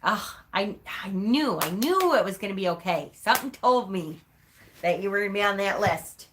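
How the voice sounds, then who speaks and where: Bright-voiced woman chatting on a livestream. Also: mid-range voice, lively intonation, moderate pace, a little hiss or hum. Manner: chatty, reads and answers viewer comments, calls them honey; gushing, emotional. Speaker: livestream host. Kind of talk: casual live chat with viewers.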